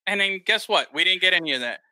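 A man co-hosting a casual chat, talking in an animated, rambling way with plenty of swearing. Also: sits high, fast, no room sound. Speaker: podcast co-host.

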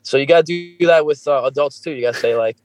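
A man's voice: fairly high pitch, fast talker, poor audio. A man chatting casually as a podcast host, swearing freely and acting out the people he quotes. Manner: profane, animated, acts out quoted people. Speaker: music video director.

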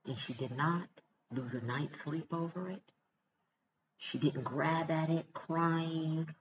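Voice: mid-range voice, dull audio, slight background noise. A vlogger talking straight to viewers in an emphatic, preachy way, repeating points for stress. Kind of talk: emphatic motivational talk to camera.

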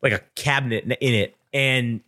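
A man's voice: mid-range voice, fairly even intonation, normal speed, bright, forceful tone. A man hosting a podcast, telling a story in casual chat, swearing freely and acting out what other people said. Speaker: podcast host.

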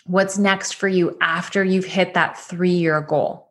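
A woman's voice: fairly low pitch, fairly even intonation, slow. A woman coach leading a goal-setting lesson, talking directly and encouragingly with many rhetorical questions.

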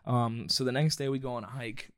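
A man's voice: medium pitch, fairly even intonation, a little fast, no room sound, clean studio sound. An American man co-hosting a podcast, telling a crude story in a rambling, casual way with lots of fillers. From United States. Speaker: podcast co-host. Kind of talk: casual chat.

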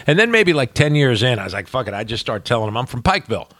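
A middle-aged man from New Jersey with a faint Kentucky twang, co-hosting a casual podcast and telling stories with lively, salty asides. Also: medium pitch, rapid-fire, no room sound. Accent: New Jersey with slight Kentucky. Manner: animated storyteller, swears freely. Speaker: podcast co-host. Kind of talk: casual chat.

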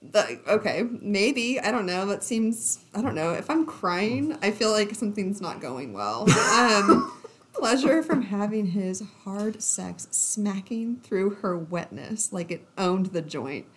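A woman on a book podcast reads spicy passages in a slow, unhurried way. Her pitch jumps all over, and she keeps breaking into giggles and asides. Faint noise sits underneath. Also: expressive. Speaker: podcast co-host. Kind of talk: reading romance passages aloud, laughing.

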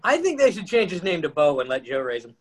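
Husky, deadpan joking man. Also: on the high side, fast. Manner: dry, deadpan dark humor. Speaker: podcast co-host. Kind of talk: casual comedic chat.

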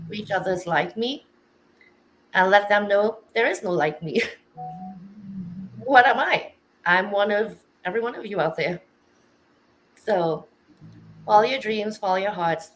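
A woman speaks as a guest author in a casual interview, earnest and encouraging, sometimes restarting her words out of nerves. Her voice sits on the low side, with faint noise behind it. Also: a bit bright, low-quality recording. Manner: earnest and motivational, with some nervous restarts.

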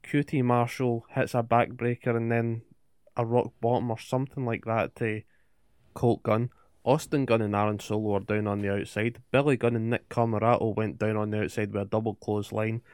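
A man's voice: fairly low pitch, little pitch movement, normal speed, darkish tone, smooth, no echo, studio quality. A man co-hosting a podcast, recapping wrestling in casual chat with swearing and rhetorical questions. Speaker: podcast co-host.

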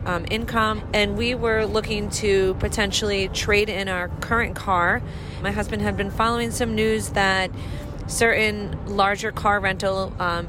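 A woman reads out a polite, earnest question as a voice memo, a little halting. Clear street and vehicle noise sits behind her voice, recorded outdoors. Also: medium pitch. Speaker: listener sending a voice memo.

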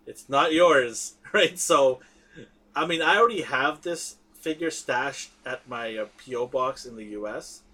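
Husky man in emphatic casual chat. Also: medium pitch, animated, unhurried, sharp tone. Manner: emphatic, restarts and repeats words. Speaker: podcast co-host.

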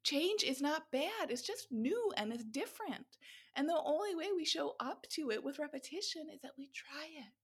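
A woman's voice: high voice, normal speed. Emphatic, swearing woman podcast host. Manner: energetic, emphatic, swears freely, frequent laughs. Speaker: podcast host, nutrition coach. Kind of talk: motivational podcast monologue.

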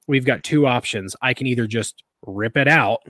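A man co-hosting a podcast, telling a story in a casual, animated, rambling way full of restarts and laughter. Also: mid-range voice, moderate pace, dry recording. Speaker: podcast co-host.

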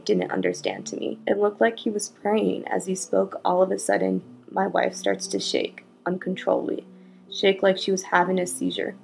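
A woman hosting a podcast, reading a listener's story aloud and breaking off now and then to react in hushed asides. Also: medium pitch, gravelly, rough recording. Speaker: podcast host.

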